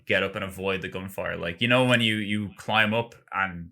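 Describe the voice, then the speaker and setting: Chatting casually on a gaming podcast, this man has a deep, sharp-toned voice at normal speed. His talk rambles and leans heavily on "like".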